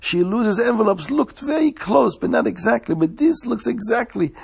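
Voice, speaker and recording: A man voicing a desperate poor man who lost his money, in a high, gravelly, frantic voice. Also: animated, moderate pace, heavily acted. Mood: certain.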